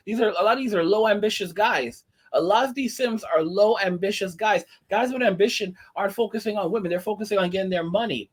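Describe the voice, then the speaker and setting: A man's voice: high voice, a little fast, breathy edge. A man hosting a commentary channel, ranting indignantly and rambling with many restarts.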